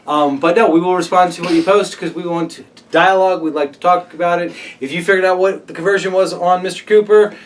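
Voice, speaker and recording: A man's voice: high voice, fairly even intonation, fast, recorded from a distance. A man co-hosting a casual gaming news chat, joking and mocking himself. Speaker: co-host.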